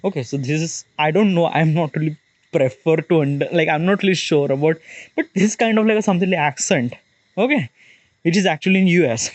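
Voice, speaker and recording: A man's voice: a little high, a little fast, no room sound. A man from Maharashtra with an Indian accent, talking in a rambling, casual monologue with lots of fillers and restarts. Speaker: vlogger.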